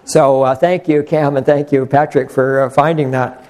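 A man's voice: medium pitch, steady tone, normal speed, darkish tone. An older man preaching an earnest, conversational sermon, rambling with frequent restarts. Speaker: pastor.

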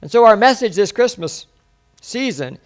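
A man's voice: high voice, expressive, normal speed. A man preaching a sermon as a pastor, full of exclamations and rhetorical questions.

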